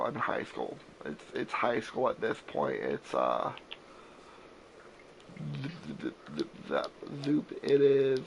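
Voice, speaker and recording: A man's voice: medium pitch, vocal fry, a little hiss or hum, low-quality recording. A man in his twenties hosting a gaming stream, telling long rambling stories with lots of swearing and self-corrections. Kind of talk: casual storytelling chat.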